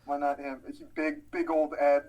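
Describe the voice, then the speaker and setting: A man's voice: fairly high pitch, normal speed, poor audio. Podcast co-host, man, dry and absurd, casual chat energy. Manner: deadpan absurd riffs, says "man" a lot. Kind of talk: casual comedic banter.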